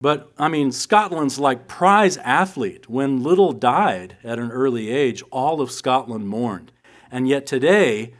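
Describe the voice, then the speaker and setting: A middle-aged man delivers a Bible teaching in an easy, conversational manner. He mixes scripture with personal anecdotes and light humor, his voice sitting in an ordinary middle range. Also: medium pitch. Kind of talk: sermon with personal stories.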